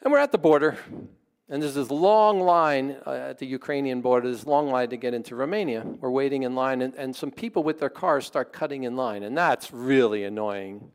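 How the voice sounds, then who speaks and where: A pastor telling a story in his sermon, in a conversational and animated way. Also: medium pitch, normal speed, clean tone.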